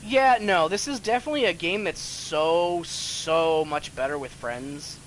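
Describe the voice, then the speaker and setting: A man's voice: fairly high pitch, unhurried, a bit bright, slight background noise, rough recording. A young man streaming a game live, chatting casually, reading chat aloud and swearing freely.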